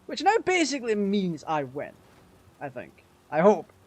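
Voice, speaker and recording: A man casually commenting on his racing game, sweary and quick to rage at the game. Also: sits high, wildly swooping pitch, a little mellow. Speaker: gaming channel host.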